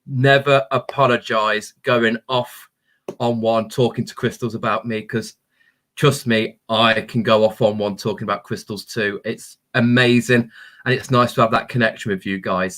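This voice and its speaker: A man hosting a live stream about crystals, reading viewer comments and answering them with gentle, encouraging spiritual talk full of ums. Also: mid-range voice, fairly even intonation, moderate pace. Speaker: crystal healing livestream host.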